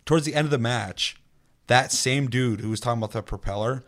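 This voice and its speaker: Young male streamer, casual storyteller, foul-mouthed and animated, mid-range pitch. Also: quick pace. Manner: animated, swears a lot, acts out other players' lines. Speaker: streamer telling a gaming story.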